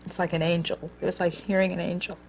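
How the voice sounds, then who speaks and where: A woman in her forties telling her own life story in an earnest, halting way, repeating words as she goes. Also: on the low side, little pitch movement, a little mellow, a little hiss or hum. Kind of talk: personal storytelling.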